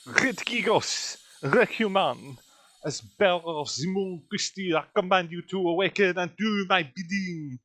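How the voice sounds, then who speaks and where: A man voicing a scheming female villain admiral in a mock French accent, reading game lines slowly and low. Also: a bit bright. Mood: commanding. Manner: slow, low, menacing delivery. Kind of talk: reading game dialogue aloud.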